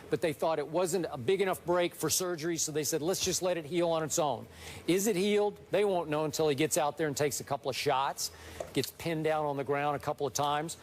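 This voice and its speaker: A sports debate co-host with a fairly high male voice. He argues his case in a dry, deliberate way, laying out one point after another. A faint hiss runs underneath. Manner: dry, measured, argumentative.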